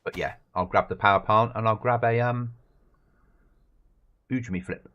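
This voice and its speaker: A man's voice: on the low side, fairly even intonation, moderate pace, a bit bright, dull audio. A man chatting casually and swearing while livestreaming a survival game with friends. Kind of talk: casual gaming chat.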